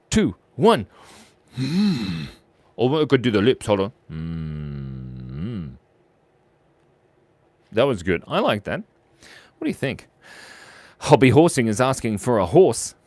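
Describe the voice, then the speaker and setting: A man hosting a live drawing stream, chatting with viewers in a playful, silly way. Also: on the low side. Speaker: online drawing show host.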